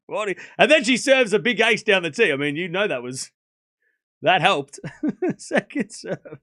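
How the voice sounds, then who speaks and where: A man's voice: sits high, lively intonation, normal speed, bright, forceful tone. A man hosting a live tennis watchalong stream, calling points in chatty play-by-play, thanking donors and laughing often. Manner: chatty play-by-play, reads out donations.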